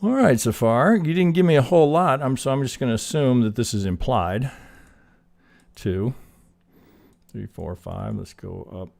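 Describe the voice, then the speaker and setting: A man's voice: mid-range voice, lively intonation, normal speed, vocal fry, long pauses, darkish tone. A man hosting a live trading stream, talking loosely through chart counts, swearing now and then and getting fired up. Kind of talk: live chart analysis, casual teaching.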